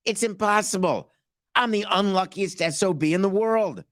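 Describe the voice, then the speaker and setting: A man's voice: sits high, normal speed, fairly bright tone, pitched above the performer's own voice. A man mocking a whiny team executive. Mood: whining disbelief. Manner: exaggerated disbelief, mock whining. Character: whiny self-pitying male team executive.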